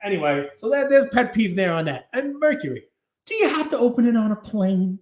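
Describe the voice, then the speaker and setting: A man hosting a casual hobby podcast, talking in an animated, ranting way and often breaking into laughter. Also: high voice, fairly quick. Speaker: podcast host. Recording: roomy echo.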